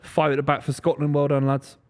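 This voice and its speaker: A man co-hosting a live football watch-along with teasing, quick back-and-forth banter. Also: on the high side, completely flat delivery, darkish tone. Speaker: co-host.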